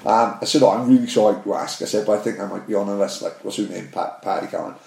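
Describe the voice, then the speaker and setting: A man's voice: on the low side, gravelly, mellow. A man chatting casually on a podcast, swearing freely and affirming often. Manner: sweary, chatty, backs the other up with quick yeahs. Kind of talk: casual chat. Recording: echoey room.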